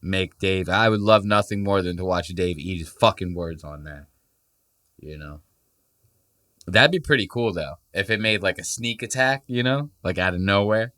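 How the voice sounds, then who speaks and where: Young male podcast host, lowish bright forceful voice, crude mocking riffs, dry close sound. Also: normal speed, dry recording. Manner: crude, mocking, jokey, swears freely. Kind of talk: casual reaction commentary.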